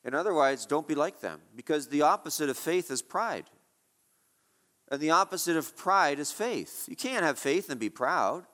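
A man delivering a sermon in a higher, sharp and forceful voice that rings through a hall with long reverb. He presses his points with rhetorical questions and repeats key phrases for emphasis. The delivery is that of a preacher teaching from the pulpit. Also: expressive, normal speed. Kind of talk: expository sermon.

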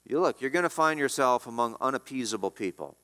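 A man preaching a sermon as pastor, emphatic, his voice swinging between loud rises and quiet drops. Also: expressive, quick pace, in a large hall. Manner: emphatic preaching, rising and dropping in pitch and volume.

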